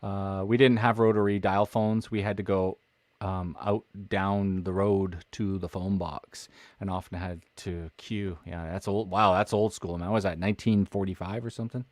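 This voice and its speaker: A man from Canada co-hosts a live-streamed chat, rambling with plenty of fillers and restarts. His voice sits fairly low. The sound is dry and close. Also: fairly even intonation, normal speed, no echo. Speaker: podcast co-host.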